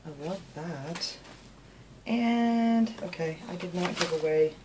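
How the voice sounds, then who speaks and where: A woman hosting a craft channel, chatting casually and warmly thanking viewers by name as she opens mail at home. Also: on the low side, slow pace, very noisy. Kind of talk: casual chat, opening mail.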